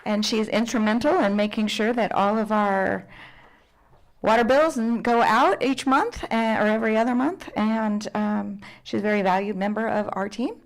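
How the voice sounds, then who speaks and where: A woman's voice: medium pitch, fairly even intonation, normal speed, some chatter behind. A woman special district administrator giving informal remarks at a county board meeting, often correcting herself. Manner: chatty, informal, self-correcting.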